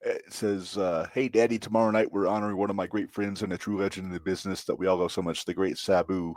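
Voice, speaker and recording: A man co-hosting a podcast in casual chat, relaxed and full of fillers. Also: sits low, fast, no room sound. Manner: relaxed, filler-heavy, chatty. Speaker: podcast co-host.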